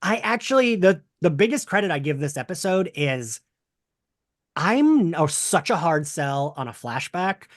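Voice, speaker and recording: A man's voice: a little high, a little slow, no room sound, studio quality. Chatty man hosting a podcast. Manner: rambling, filler-heavy, animated. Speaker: podcast host. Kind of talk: casual chat.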